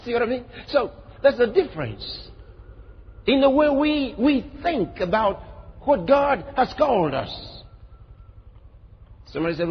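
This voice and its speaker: A man's voice: very high-pitched, sing-song, unhurried, long pauses, husky. A man preaching a sermon as a pastor, asking the listeners questions and acting out the words of others. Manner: emphatic preaching with rhetorical questions and quoted voices. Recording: reverberant hall, dull lo-fi sound.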